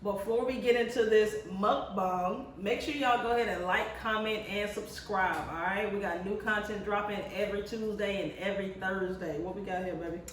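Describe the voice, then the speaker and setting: A woman's voice: mid-range voice, fairly even intonation, moderate pace, few pauses, far from the mic. A playful young woman chatting casually as co-host of a home vlog, teasing her partner and laughing easily. Her voice comes from a little off the mic in a roomy, echoing space with a faint hiss underneath. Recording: echoey room, voice from off-mic.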